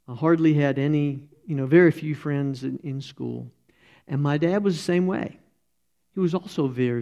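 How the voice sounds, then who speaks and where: A middle-aged man giving an informal sermon as a church speaker, talking in a halting, conversational way and often getting emotional. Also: a little high, gravelly, a little mellow.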